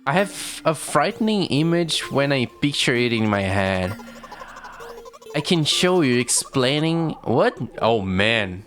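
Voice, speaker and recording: A streamer chatting casually and reading a text game aloud with animated reactions. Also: mid-range voice.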